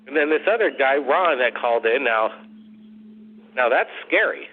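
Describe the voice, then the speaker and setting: A man's voice: mid-range voice, animated, normal speed. A man hosting a call-in radio show, chatting casually and rambling, repeating his questions to callers. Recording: tinny phone-like audio.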